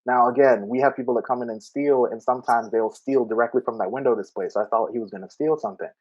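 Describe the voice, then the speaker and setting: A man in a casual podcast chat, spinning a workplace story with plenty of laughs and quoted lines. His voice sits in an ordinary middle pitch. The recording is a little dull and lo-fi. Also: fairly even intonation, fast, darkish tone. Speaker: podcast co-host.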